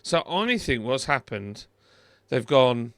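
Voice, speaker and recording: A man's voice: medium pitch, sing-song, takes it slowly, no echo. A middle-aged British man hosting a car video, chatting casually and wryly over a screen recording, with many fillers and restarts.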